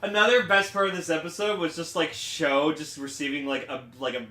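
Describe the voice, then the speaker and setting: A man's voice: a little high, steady tone, pushed and bright. A man co-hosting a podcast in casual chat, rambling, swearing freely and laughing as he talks. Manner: rambling, swearing, laughing, doing quick impressions. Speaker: podcast co-host. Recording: echoey room.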